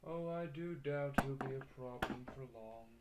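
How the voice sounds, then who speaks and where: A man's voice: mid-range voice, moderate pace, roomy sound, very noisy, close to an everyday voice. A man playing a dry, formal-speaking detective's assistant in a comedy web drama. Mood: deadpan. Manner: deadpan, wordy and formal. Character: dry, deadpan adult male detective's assistant.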